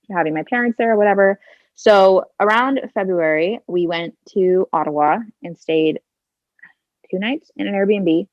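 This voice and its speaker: A woman in her twenties, guest on a podcast, chats through a personal story, leaning heavily on "like" and "kinda" and acting out her own thoughts. Her pitch is fairly low. Recorded on a handheld phone, the audio is dry and rough.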